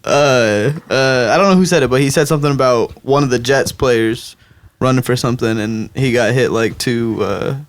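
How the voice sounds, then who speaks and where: A man's voice: medium pitch, moderate pace. A young man co-hosting a casual podcast, laid-back, swearing casually and laughing often. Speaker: podcast co-host. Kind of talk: casual chat.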